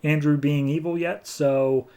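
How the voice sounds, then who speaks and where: A man's voice: a little high, steady tone, measured pace, a little mellow, clean tone. Rambling man recapping a comic. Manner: rambling storytelling with many fillers. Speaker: podcast host. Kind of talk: casual comic book recap.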